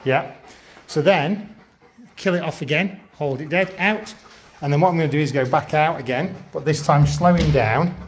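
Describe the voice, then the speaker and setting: A man working as a dog trainer, calmly explaining a training demonstration and switching to high, upbeat praise for the dog. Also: normal speed.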